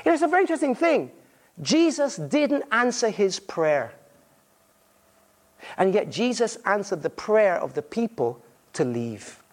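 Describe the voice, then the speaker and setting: Guy preaching, high voice that jumps all over, acts out the quotes. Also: a little slow, long pauses. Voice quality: married. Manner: animated storytelling, acting out voices in quotes. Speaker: visiting preacher. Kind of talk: sermon.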